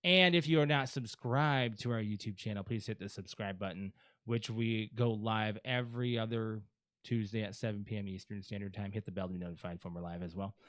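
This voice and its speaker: A man's voice: lowish voice, brisk, fairly bright tone, no room sound. A man co-hosting a podcast, chatting casually through channel plugs and sign-off with lots of fillers. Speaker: podcast co-host.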